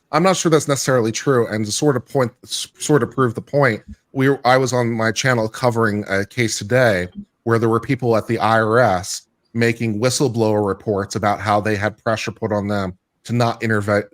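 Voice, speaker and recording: A man with a fairly low voice walks through a legal case in a casual, thinking-aloud way. He often pauses on fillers and restarts his sentences. His voice sounds dry and close, with no room echo. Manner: thoughtful, with frequent fillers and restarts. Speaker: legal commentator and panel guest. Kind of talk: casual legal analysis on a livestream panel.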